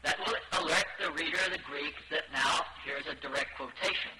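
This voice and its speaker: A man giving a scholarly lecture on translation, speaking in a measured way with shifting emphasis. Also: a little high, echoey room, very noisy.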